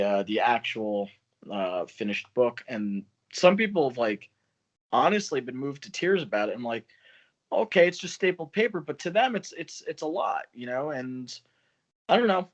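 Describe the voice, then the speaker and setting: A man who runs a small press, chatting loosely and swearing on a video call, laughing often. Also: medium pitch. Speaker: small press publisher and poet. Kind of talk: casual video call chat. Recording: dull lo-fi call audio.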